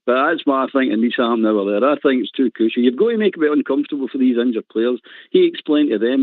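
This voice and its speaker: A man's voice: mid-range voice, fast talker, no room sound. A Scottish man calling in to a football phone-in, ranting passionately and laughing often. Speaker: caller. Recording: tinny phone line, dry.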